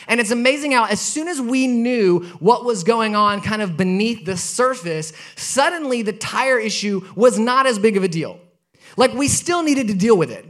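A man's voice: very high-pitched, expressive, normal speed, fairly bright tone. A man in his thirties preaching a sermon, telling a personal story in a conversational way and building to emphatic points. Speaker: pastor.

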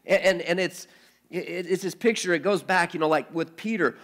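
Pastor guy preaching, bit high voice, keeps repeating words as he thinks. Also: a bit bright. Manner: halting, repeats words while thinking aloud. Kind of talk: sermon, scripture reading then exposition.

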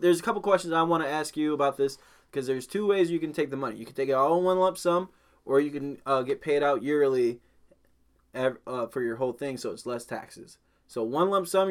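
Young dude rambling on a podcast, kinda high voice, swears a lot. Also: male voice, fairly quick. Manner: rambling, swears, laughs often. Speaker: podcast co-host. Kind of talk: casual podcast chat.

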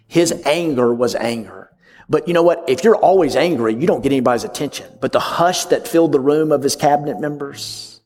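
A man preaching a sermon, swinging from loud emphatic lines to hushed whispers. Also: mid-range voice, long reverb tail. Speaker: pastor.

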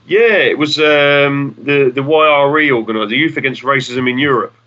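A man's voice: mid-range voice, moderate pace, sharp tone, highs cut off, slight background noise. A man, a musician guest rambling through stories, swearing casually and acting out the people in them. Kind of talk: casual storytelling.

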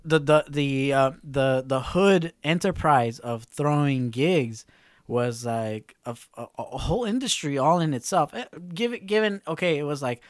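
A man's voice: a little high, measured pace, no room sound, clean studio sound. A man in casual chat who talks in a streetwise, emphatic way and keeps saying "bro.".

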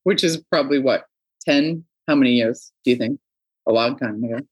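A middle-aged woman hosting a podcast, telling stories in a casual, animated way and acting out the people she quotes. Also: a bass voice, brisk, slightly rough. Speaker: podcast host. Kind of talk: casual interview chat.

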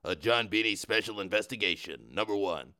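Man doing a grand announcer voice, deep-set, bright, polished, drawn-out, half-sung. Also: clean tone. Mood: grandiose. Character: booming male show announcer, grand and slow. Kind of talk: mock announcer introductions.

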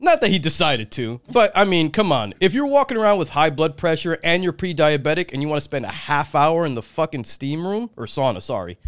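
A man in his thirties tells a meandering weekend story on a casual podcast, swearing and laughing as he goes. His voice is smooth and clear, sitting a touch high for a man. He talks with a lot of swing in his pitch. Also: very animated, fairly quick, hardly any pauses, fairly bright tone. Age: 30s. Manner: rambling, swears freely, laughs often. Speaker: podcast co-host.

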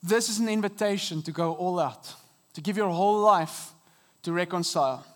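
High-voiced man preaching a sermon. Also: normal speed. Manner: earnest, dynamic preaching with sudden soft drops and emphatic rises. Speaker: pastor. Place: church auditorium.

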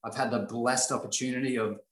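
An earnest man of ordinary pitch tells his story in a motivational way, circling back and repeating key phrases for weight. The room around him is roomy and echoing. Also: fairly even intonation, brisk. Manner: earnest, repetitive, emphatic. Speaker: guest sharing his life story. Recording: roomy echo.

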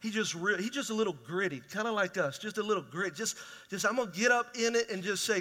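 A middle-aged man preaching in a big hall, his bright, high voice carrying a long reverb. He talks raw and plainly, tossing rhetorical questions to the congregation. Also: quick pace. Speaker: pastor. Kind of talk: sermon.

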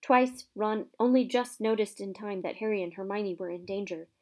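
A woman narrating a children's fantasy novel aloud with expressive, lively storytelling. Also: medium pitch, normal speed.

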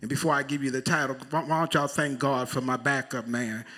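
A middle-aged man preaching a sermon as a bishop, in call-and-response style, drawling key phrases slowly and building to loud emphatic cries. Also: medium pitch, fairly even intonation, faint music behind. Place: church sanctuary.

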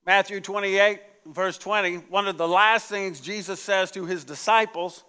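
Bright-voiced preaching pastor in a hall. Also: male voice, high-pitched, clean tone. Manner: call-and-response preaching, rising emphatic repetition. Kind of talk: sermon. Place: church sanctuary. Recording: echoey church hall.

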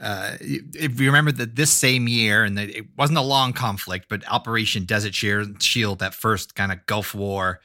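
A man's voice: fairly low pitch, fairly even intonation, normal speed, few pauses, pushed and bright. A man appearing as a podcast guest, chatting casually in an easygoing way and adding facts. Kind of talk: casual chat.

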